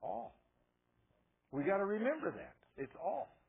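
A man's voice: high voice, huge pitch swings, unhurried, a crowd in the background. A man preaching a sermon, telling stories and acting out the voices in them. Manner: storytelling, acting out quoted dialogue. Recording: tinny phone-like radio broadcast.

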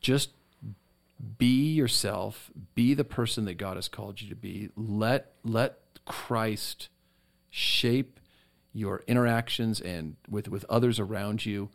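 A man's voice: fairly low pitch, takes it slowly, creaky. A man who co-hosts a faith podcast and teaches at a seminary, speaking in an affirming, teacherly way. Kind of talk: casual chat.

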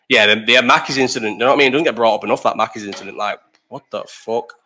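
A man's voice: medium pitch, very fast, bright, forceful tone. Young Bolton-accented male host, casual live chat, blunt and sweary. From Bolton, England. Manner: blunt, sweary and opinionated, jumping between topics.

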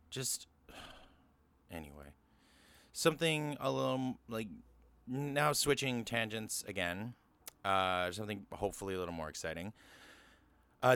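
A man hosting casual news commentary, chatty, full of fillers and quick to curse. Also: low voice, pushed and bright, clean tone, dry recording. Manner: casual and ranting, with frequent fillers and swearing. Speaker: podcast host.

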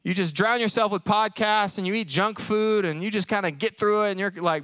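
Animated man preaching conversationally. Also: sits high, a little fast, hardly any pauses, no echo. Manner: conversational, animated, acts out voices. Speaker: preacher at a college service. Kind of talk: sermon.

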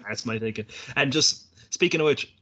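A man's voice: on the high side, a little fast, fairly bright tone. A man hosting a podcast in casual chat, joking and swearing freely. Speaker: podcast host.

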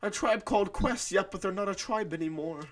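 A male podcast host with a somewhat raised pitch, joking around among friends. He talks casually and swears constantly in fast back-and-forth banter. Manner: profane, rapid banter. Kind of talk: casual chat.

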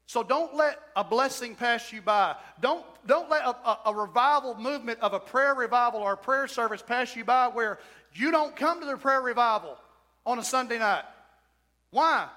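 High-voiced preacher whooping. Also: male voice, lively intonation, moderate pace. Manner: preaching with shouted whoops and emphatic repetition. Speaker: pastor. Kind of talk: sermon. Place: church sanctuary. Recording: church hall reverb.

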